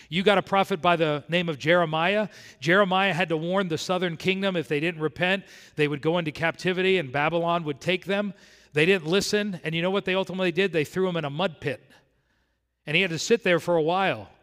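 A man from South Florida preaching a sermon verse by verse, moving between quiet and emphatic delivery. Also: fairly high pitch. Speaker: pastor. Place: church sanctuary. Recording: long hall reverb.

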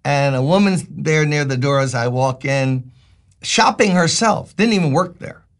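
Joking older pastor from Brooklyn. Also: male voice, fairly high pitch, animated, measured pace. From Brooklyn, New York. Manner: folksy, joking, emphatic. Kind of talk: devotional sermon talk.

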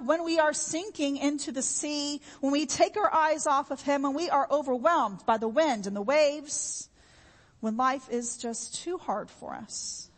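A woman's voice: sits high, in a large hall. A woman preaching a sermon in an earnest, repetitive way, with homey everyday examples.

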